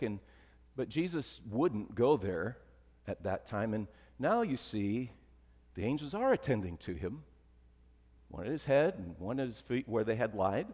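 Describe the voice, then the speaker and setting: A man's voice: big pitch swings, unhurried, slightly rough. Man preaching in a reverberant church. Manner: conversational preaching, dropping to soft emphatic lows. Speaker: pastor. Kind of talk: sermon.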